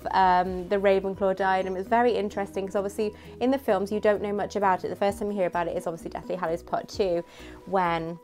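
Giggly woman gushing over a prop. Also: medium pitch. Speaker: vlogger reviewing a prop replica. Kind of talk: casual product review chat.

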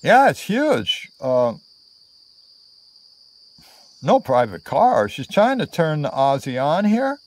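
Slow, rambling male storyteller. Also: fairly high pitch, sing-song, a little mellow. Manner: meandering, full of fillers and asides. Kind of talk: casual spoken storytelling.

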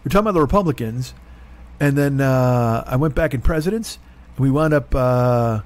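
A man's voice: mid-range voice, moderate pace, darkish tone. A man in his forties hosting a solo comedy monologue, ranting in a profane, rambling, exasperated way. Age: 40s. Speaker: comedian host.

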